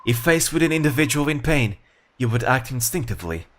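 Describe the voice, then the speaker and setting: A man voicing a calm, mysterious monk who speaks in a measured, gracious way. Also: mid-range voice, natural voice. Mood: serene. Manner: calm, measured, soft-spoken.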